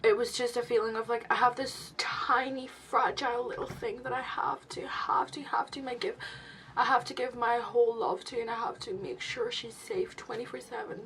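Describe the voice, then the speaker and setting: A young adult woman vlogging a confessional story as a new mother, emotional and halting, with many restarts. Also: fairly high pitch, fairly even intonation, fairly bright tone, rough recording.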